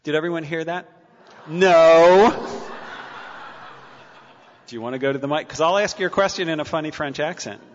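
Talking very fast with few pauses, a man with a slightly high, somewhat bright voice gives a public lecture and then takes questions. He's wryly funny and keeps stammering and restarting; the muffled hall recording has long reverb and slight background noise.

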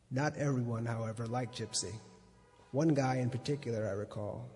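A man, a magazine editor, reading a literary excerpt aloud at an unhurried pace, now and then stumbling and restarting a word. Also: medium pitch, a little mellow. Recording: long reverb of a hall.

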